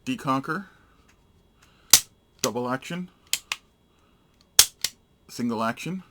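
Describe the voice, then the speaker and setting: A man's voice: mid-range voice, animated, takes it slowly, very noisy. A man giving a casual, hands-on product demonstration, narrating each step in short, matter-of-fact phrases. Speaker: gun reviewer.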